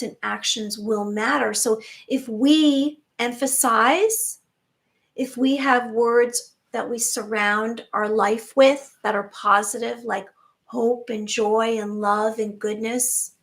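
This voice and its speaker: A woman with a grown daughter giving an earnest spiritual monologue to her viewers, soft and reassuring, with many rhetorical questions. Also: on the high side. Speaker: spiritual channel host.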